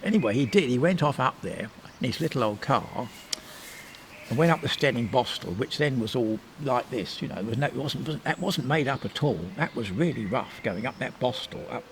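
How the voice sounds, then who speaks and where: Gravelly older man reminiscing. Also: mid-range voice, lively intonation, a little fast, a little hiss or hum. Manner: rambling anecdotal storyteller, meandering with restarts. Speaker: interviewee. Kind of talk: reminiscing in a casual interview.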